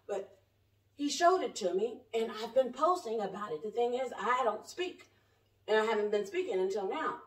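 With an expressive, high voice at a moderate pace, a woman in her 40s preaches spontaneously to a camera placed at a distance in her home. The echoey room makes her sound far away as she rambles fervently and colloquially, sometimes shouting, sometimes murmuring asides.

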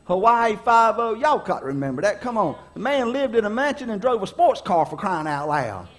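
A middle-aged pastor from preaches with a notably high-pitched man's voice. He tells folksy, funny stories from his own life, rising and dropping for dramatic effect as he draws the lesson. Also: big pitch swings, moderate pace, a bit bright. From North Carolina, US. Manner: folksy, humorous storyteller with dramatic swings in delivery. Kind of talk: storytelling sermon.

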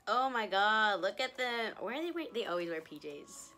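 A young woman vlogger sits at home chatting casually in a reaction vlog, gushing and breaking into laughs and gasps. Her mid-range voice is sharp in tone with lively intonation at normal speed, and a music video plays faintly in the background.

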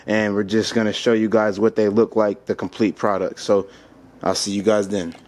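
In a casual vlog about modifying his car, a man speaks to viewers in a lowish, slightly mellow voice with little pitch movement and a moderate pace. Exasperated and frustrated, he still manages to laugh it off.

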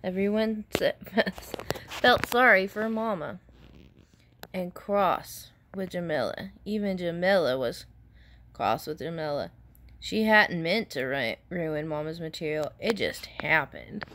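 A woman's voice: sits low, lively intonation, measured pace, noisy background. A woman teacher reading a picture book aloud to children and asking them questions between pages.

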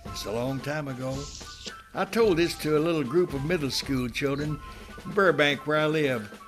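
A man's voice: on the high side, normal speed. A man in his nineties telling stories with emphatic, theatrical flair in a recorded patriotic speech and recitation. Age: 90s. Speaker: guest speaker. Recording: music playing behind the voice. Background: music.

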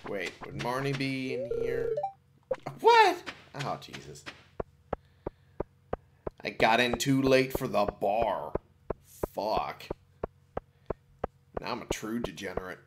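A man muttering casual commentary to himself while playing a game, now and then breaking into sudden excited yelps. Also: on the low side, takes it slowly, long pauses. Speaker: let's play gamer. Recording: noisy home recording.

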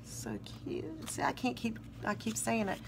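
On the high side and a little fast, this woman's gravelly voice holds a steady tone and a Southern accent from South Carolina. She gushes over planner stickers, reading their phrases aloud in casual show-and-tell narration, with slight background noise.

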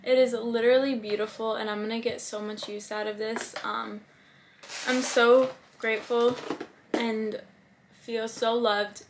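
A woman's voice: a little high, level tone, unhurried, background noise. A woman in her twenties, talking casually and gushing about her birthday gifts, with many "likes" and "ums". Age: 20s. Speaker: vlogger. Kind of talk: casual haul vlog.

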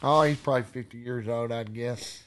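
A man with a Texan accent, a podcast guest telling animated stories with folksy country slang and frequent laughter. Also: mid-range voice, moderate pace. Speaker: podcast guest, hunting storyteller. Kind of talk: casual storytelling.

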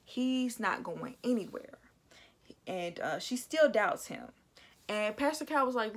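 A woman casually reviewing a reality TV episode, opinionated and animated, acting out quotes in voices. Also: mid-range voice, measured pace. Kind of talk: casual recap commentary.

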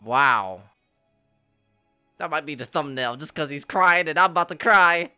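A man's voice: a little high, unhurried, sharp tone, clear, resonant tone, faint music behind. A man reacting to an anime finale in casual, emotional commentary, exclaiming and laughing often. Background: anime soundtrack playing faintly.

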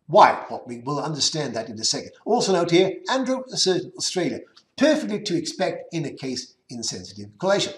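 Man, conference speaker, technical demo, animated pitch, echoey room. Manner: explanatory, lively pitch, self-correcting restarts. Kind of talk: technical presentation with live demos.

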